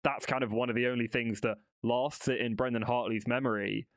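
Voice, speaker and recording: Male podcast host, mid-pitched, conversational and rambling, dry close-mic studio sound. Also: steady tone, brisk, no room sound. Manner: conversational, rambling with restarts and self-corrections. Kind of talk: solo motorsport podcast commentary.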